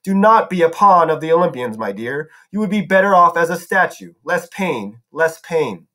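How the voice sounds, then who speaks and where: A man voicing a menacing snake-haired female monster who purrs softly and soothingly. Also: a little high, animated, moderate pace. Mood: crooning. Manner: soft, soothing purr.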